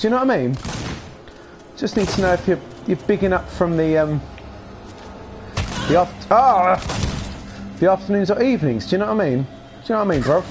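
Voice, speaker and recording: A young man with a high voice chats casually and playfully with viewers while streaming a game, rambling on and breaking into silly shouts. Slight background noise is audible.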